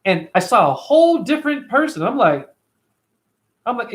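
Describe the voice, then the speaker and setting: Animated, high-voiced man streaming to viewers. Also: moderate pace. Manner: animated, profane, addresses viewers by name. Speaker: livestream host reading chat. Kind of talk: casual livestream monologue.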